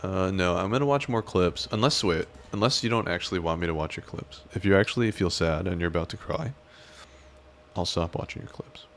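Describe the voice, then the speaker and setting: A man with a very deep voice chats through a stream and reacts to clips. He teases in a crude, mock-menacing way. A faint hiss sits under his voice. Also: fast, hardly any pauses, fairly bright tone.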